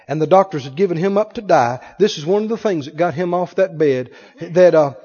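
This pastor has a high-pitched voice with a darkish tone. He gives an emphatic sermon to the congregation, taking on the roles of the story's characters, and the dull recording carries the reverberation of the church hall.

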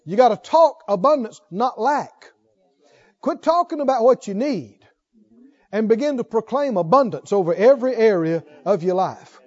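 Middle-aged male preacher, high but mellow voice, emphatic sermon delivery, lo-fi recording. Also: lively intonation, normal speed. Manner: emphatic, asks the congregation rhetorical questions. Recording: dull lo-fi recording.

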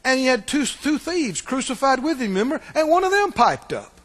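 A man's voice: very high-pitched, big pitch swings, brisk, a bit bright. A pastor preaching a sermon, emphatic and questioning his listeners. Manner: emphatic, asks the congregation questions.

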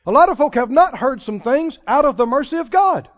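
Preacher, male, very high voice, slow deliberate delivery, dull lo-fi sound. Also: animated, big-room sound. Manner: preaching with dramatic swings between loud and hushed. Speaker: pastor. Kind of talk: sermon. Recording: dull lo-fi sermon recording.

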